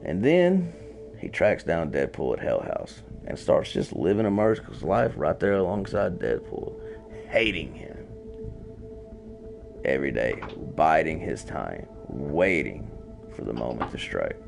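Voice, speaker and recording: A man with a deep, gravelly voice talks slowly through a comic-book plot for his podcast. His delivery is loose and relaxed, full of fillers and a few curses. Soft music plays faintly underneath. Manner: laid-back retelling with fillers and profanity. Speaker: podcast host. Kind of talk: casual comic-book storytelling.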